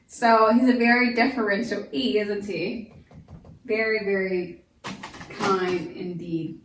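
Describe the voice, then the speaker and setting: A woman's voice: medium pitch, fairly even intonation, slow, fairly bright tone. A woman teaching a vocabulary lesson to children, patient and encouraging, spelling words out letter by letter with frequent fillers. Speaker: homeschool teacher. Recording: echoey room.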